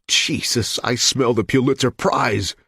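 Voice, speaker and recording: A male narrator voicing an excitable, businesslike male newsroom man who gets loud and high. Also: a little slow, slightly rough, no room sound, studio quality, full character voice. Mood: excited.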